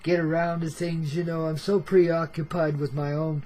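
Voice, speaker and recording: A man's voice: on the high side, flat delivery, moderate pace, dark tone, rough recording. An older man telling a rambling story as a radio storyteller, in laid-back hippie slang, calling his listeners baby and man. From Oregon. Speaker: storyteller host. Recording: faint background noise.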